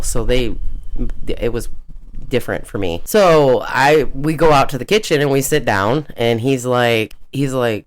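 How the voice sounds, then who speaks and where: A woman in her thirties, co-hosting a podcast, telling a story in a lively, animated way, laughing often and acting out voices. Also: extremely low pitch. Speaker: podcast co-host. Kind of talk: casual storytelling chat.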